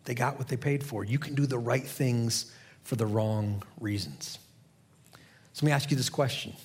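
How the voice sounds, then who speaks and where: A man's voice: medium pitch, moderate pace, a little mellow, breathy edge. A middle-aged man preaching a sermon as a pastor, earnest and conversational, asking the listeners questions.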